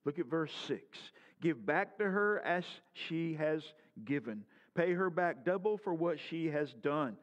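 A man's voice: on the high side, animated, a little slow, few pauses, lo-fi sound. A man preaching a sermon as pastor, earnest and full of rhetorical questions, his voice rising and falling.

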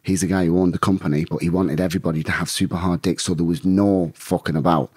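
An English bare-knuckle fighter, appearing as a guest in a casual interview, tells a blunt, rambling story packed with swearing. His deep voice is quick, steady, a little mellow and breathy at the edges, with no room sound.

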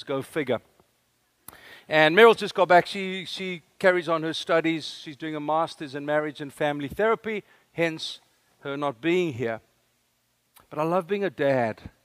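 A South African man in his fifties delivers an earnest, story-driven sermon. His voice sits somewhat high for a man. The sound is dry and close, with no room echo. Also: unhurried. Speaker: guest preacher. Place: church service.

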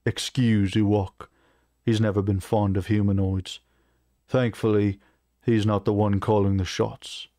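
A man playing a calm orc chieftain. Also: fairly low pitch, a little slow, dry recording, studio quality. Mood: composed. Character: calm male orc chieftain, weary and proud.

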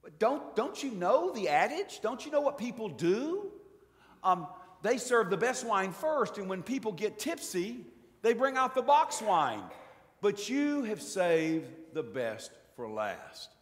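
A man's voice: high voice, very animated, slow pace. A man preaching a sermon in a church, telling the story in a folksy, humorous way. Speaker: pastor. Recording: long church reverb.

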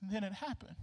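A man preaching a sermon in a church, animated and colloquial, acting out the dialogue of the people in his story. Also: on the high side. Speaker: pastor. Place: church sanctuary. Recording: long reverb of a large hall.

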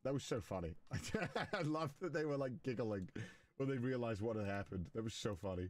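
A man, a voice actor, chatting casually with animated, laughing asides between comedic calls. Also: medium pitch, moderate pace, soft background music. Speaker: voice actor making prank calls.

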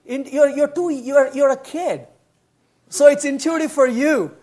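Casting: middle-aged man, very high voice, animated blunt conference lecturer. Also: a little slow. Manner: animated, emphatic, answers bluntly with humor; acts out quoted dialogue in changed voices. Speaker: conference speaker. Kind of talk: workshop lecture with audience questions. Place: conference room.

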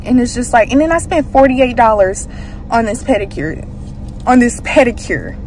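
A young woman vlogger, telling a story in an animated, indignant way that rises sharply in pitch. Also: normal speed, slight background noise, poor audio. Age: young adult. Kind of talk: casual vlog storytime.

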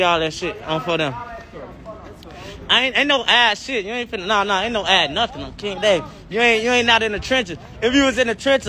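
A man's voice: high-pitched, bright, forceful tone. A young man hosting a phone livestream outdoors on a city block, using hyped, profane street slang to push his viewer count up. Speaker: livestream host. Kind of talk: casual livestream chat.

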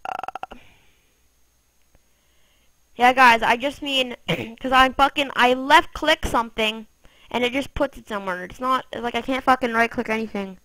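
A woman talks through her gameplay in a slow, unhurried drawl, swearing constantly and getting frustrated with the game. Her voice sits a little high and sounds bright and sharp. She grumbles and snaps at the animals in the game. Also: steady tone, no echo, low-quality recording. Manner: foul-mouthed, easily frustrated, yells at game animals. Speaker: gameplay commentator. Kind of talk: casual let's-play commentary.

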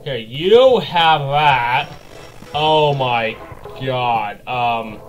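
A man giving jokey let's play commentary, excitable and yelping and laughing as things go wrong. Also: medium pitch, very slow, soft background music, poor audio. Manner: excitable, yelps and laughs at mishaps. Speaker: gaming video creator.

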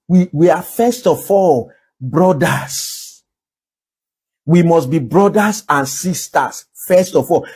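A man's voice: high voice, breathy edge. A man preaching a sermon, earnestly asking rhetorical questions and repeating phrases for emphasis. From Nigeria. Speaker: pastor.

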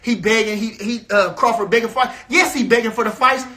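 A man's voice: very high-pitched, fairly quick, pushed and bright. A man from a boxer's camp delivering a heated, repetitive, trash-talking rant to the camera.

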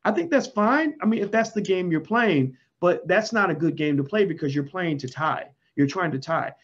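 A man with a fairly high, husky voice delivers a fiery monologue. He talks emphatically and keeps leaping into loud, high bursts. The recording sounds dull and lo-fi. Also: animated, normal speed. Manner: emphatic, swings into sudden loud highs. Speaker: commentator. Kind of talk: impassioned monologue.

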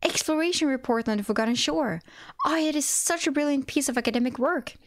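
A woman's voice: high voice, fairly quick, no echo, studio quality, pitched above the performer's own voice. A woman voicing a fawning, starstruck male screenwriter who heaps eager praise on his idol. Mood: effusive. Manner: effusive, overeager praise.

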